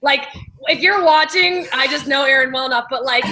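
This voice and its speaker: A woman hosting a casual coaching chat, talking in an animated way and acting out little quotes. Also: sits high, moderate pace, poor audio. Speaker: host.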